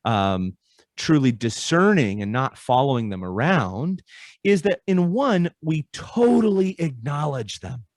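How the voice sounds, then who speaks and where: A man's voice: on the high side, very animated, a little slow, no room sound. A man speaking as a podcast guest, explaining ideas in a conversational way and acting out little dialogues with changing voices.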